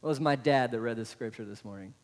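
A man's voice: mid-range voice, fast talker. A man preaching a sermon to a congregation. He keeps asking them rhetorical questions. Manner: asks the congregation many rhetorical questions, adds "right?". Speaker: pastor. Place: church sanctuary. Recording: long hall reverb.

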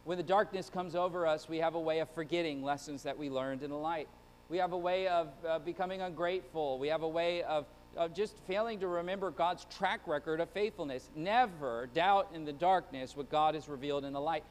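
A man's voice: a little high, fairly quick, big-room sound, a little hiss or hum. A male pastor preaching an earnest Sunday-morning sermon to his church, often stumbling and repeating words.

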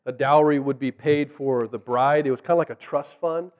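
In a large hall, a man with a voice on the high side preaches a sermon at normal speed. He retells the story casually and animatedly, acting out the characters' lines in lively voices.

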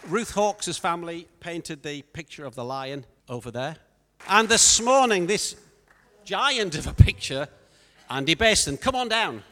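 Brief: upbeat worship leader, man, bright tone, echoey church hall. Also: on the high side, animated, a little slow, slight background noise. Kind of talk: church service hosting.

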